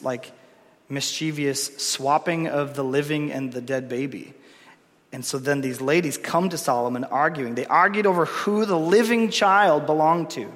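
A man's voice: on the high side, a bit bright. A man giving a conversational sermon, reading scripture aloud with dramatic quotes and occasional laughs. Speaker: preacher. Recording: long hall reverb.

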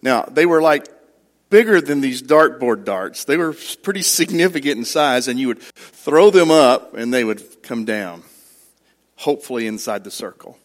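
A man's voice: medium pitch, expressive, normal speed. A middle-aged man preaching to his congregation, telling stories and putting questions to them. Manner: conversational storytelling, asks the congregation questions. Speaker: pastor. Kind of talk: sermon.

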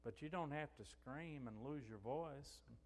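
Pastor telling a story in a hall. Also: male voice, mid-range voice, unhurried. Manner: storytelling, acts out quoted dialogue. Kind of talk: sermon.

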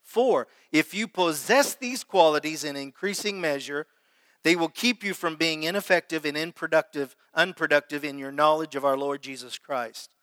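A man's voice: on the high side, moderate pace, a bit bright, no room sound, in a large hall. A man preaching a sermon as pastor, reading scripture aloud and calling out questions to his congregation. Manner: preaches with prayer and call-and-response to the congregation.

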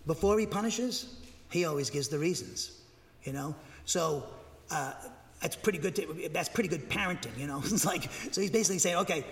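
A man's voice: fairly high pitch, moderate pace, long reverb tail. A man preaching verse by verse, reading scripture aloud and then explaining it, with fillers and restarts. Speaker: pastor. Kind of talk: verse-by-verse Bible teaching.

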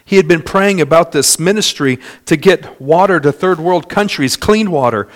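A man preaches to his congregation with a voice pitched a little above most men's. He moves from loud, rousing passages to hushed, slowed-down moments and slips into other people's voices as he tells stories. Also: expressive. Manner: dynamic preaching with wide swings in loudness and pace; storytelling with imitated voices of others. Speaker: pastor. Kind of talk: sermon.

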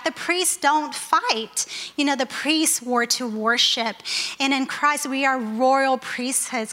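A woman's voice: sits high, bright, forceful tone. A young woman giving an earnest, conversational sermon with a personal testimony, speaking with frequent fillers. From United States. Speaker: occupational therapist giving a testimony.

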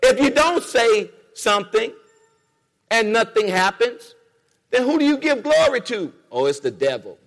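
A man's voice: very high voice, sing-song, a little slow, a bit bright, in a large hall. A man preaching a sermon in a church, rhythmic and repetitive, calling on the congregation to respond. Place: church sanctuary.

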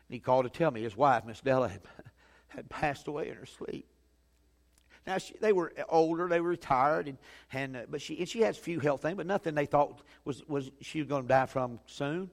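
A man preaching a sermon as a pastor, telling a story that swings from loud urgency to hushed quiet. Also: mid-range voice. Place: church sanctuary. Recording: long hall reverb.

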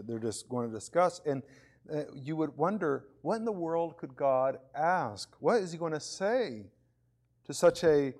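Conversational male preacher, slightly high voice. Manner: conversational, repeats words when starting phrases; acts out voices of others in his examples. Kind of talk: sermon.

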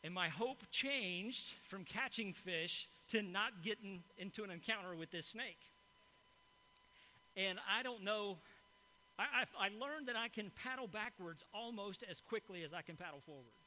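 Middle-aged male pastor, high bright voice, chatty sermon storyteller, faint hum. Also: moderate pace, low-quality recording. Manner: conversational storytelling, frequent "right?" asides. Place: church hall before a congregation.

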